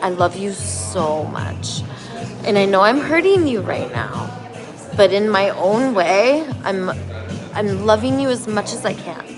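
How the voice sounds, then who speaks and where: A woman's voice: mid-range voice, sing-song, music in the background. A woman playing an earnest, pleading mother. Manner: slow, earnest therapy-style speech. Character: earnest mother pleading with her grown daughter.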